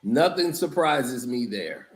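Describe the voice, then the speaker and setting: A man giving a blunt, scornful, animated music review in a casual rant, laughing often. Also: medium pitch, slow pace, echoey room. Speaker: album reviewer.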